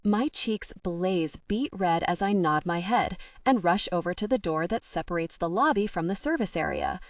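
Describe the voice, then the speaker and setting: A woman's voice: lowish voice, lively intonation, moderate pace, dry recording, far from the mic. Woman narrating a romance audiobook, dry sound. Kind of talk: first-person scripted audiobook narration.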